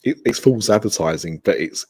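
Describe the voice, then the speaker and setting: A man's voice: fairly low pitch, expressive, a little fast, breathy edge. A man guesting on a podcast over a video call, talking enthusiastically in a rambling way with restarts. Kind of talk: casual remote interview chat.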